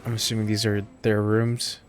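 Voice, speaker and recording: A man's voice: fairly low pitch, monotone, normal speed. A man giving casual commentary while he plays a video game. He sounds sleepy and rambles, with lots of fillers, restarts and swearing. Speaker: gamer playing and commenting.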